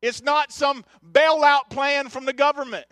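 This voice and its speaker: A middle-aged man preaching an impassioned sermon, building to shouted, repeated phrases. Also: extremely high pitch, fairly even intonation, a little slow, no echo. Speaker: pastor. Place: church sanctuary.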